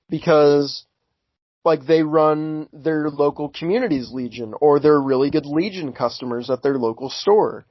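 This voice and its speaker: A man's voice: a little high, dry recording. A man co-hosting a podcast, arguing his view earnestly and carefully, often restarting his sentences. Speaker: podcast co-host. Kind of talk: casual podcast chat. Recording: dry, dull lo-fi audio.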